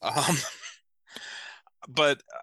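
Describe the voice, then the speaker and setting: A man's voice: extremely slow, pushed and bright, dry recording. A man co-hosting a podcast who reacts dryly and with amusement in casual chat. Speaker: podcast co-host.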